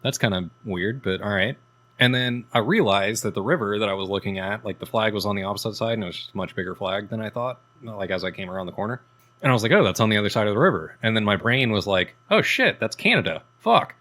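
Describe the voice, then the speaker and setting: A man's voice: lowish voice, quick pace, fairly bright tone. A man co-hosting a podcast, telling rambling, profane stories in casual chat. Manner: profane, rambling storytelling with laughs. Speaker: podcast co-host.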